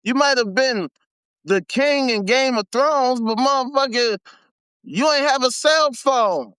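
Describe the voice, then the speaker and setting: This US man, hosting a live stream, keeps up a casual, animated rant heavy on swearing and slang, frequently repeating himself for emphasis. He speaks unhurriedly in a very high, smooth voice, captured in a dry recording.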